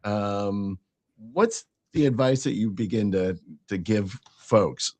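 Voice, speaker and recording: A man's voice: lowish voice, slow pace, darkish tone. A man hosting a casual interview, upbeat and asking playful questions. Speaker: host.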